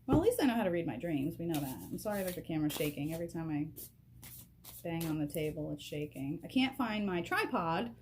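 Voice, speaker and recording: A woman giving a casual spiritual card reading at a table, excitable and emotional, laughing often and speaking straight to the viewer through a camera propped on a box. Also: on the low side, fast talker, noisy background. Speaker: vlogger doing a card reading. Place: at a table indoors.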